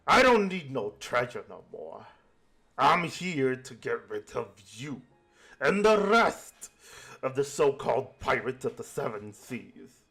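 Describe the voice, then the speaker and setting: A man's voice: mid-range voice, very animated, takes it slowly, a bit bright, breathy edge, soft background music, heavily acted. A man voicing a hostile rival sea captain who speaks curtly. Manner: curt and threatening.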